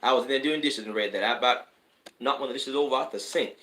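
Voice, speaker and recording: Animated man hosting a live stream, echoey room. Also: medium pitch, fast talker. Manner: rambling, with preacher-like bursts of emphasis. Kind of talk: casual live-stream talk to viewers.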